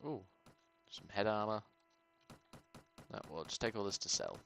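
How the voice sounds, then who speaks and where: Man, casual gameplay commentary, excitable, muttering, swearing, lowish voice. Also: a little slow, a little hiss or hum, low-quality recording. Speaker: gaming channel host.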